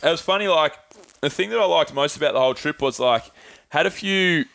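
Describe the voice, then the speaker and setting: A man's voice: fairly high pitch, fairly quick, gravelly, a bit bright. A young Australian man casually telling travel stories, rambling and swearing with lots of filler words. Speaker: podcast co-host. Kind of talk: casual chat, travel storytelling.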